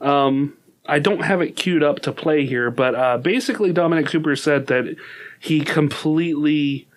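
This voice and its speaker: A man's voice: on the high side, normal speed. A man co-hosting a podcast in casual chat, giggling often and hedging with fillers. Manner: giggly, hesitant, lots of fillers and restarts. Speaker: podcast co-host.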